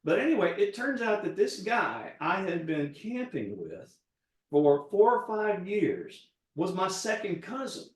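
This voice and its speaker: A man's voice: high-pitched, sing-song, a little slow. A man, a guest chef, telling a rambling personal story in casual chat while cooking. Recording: roomy echo.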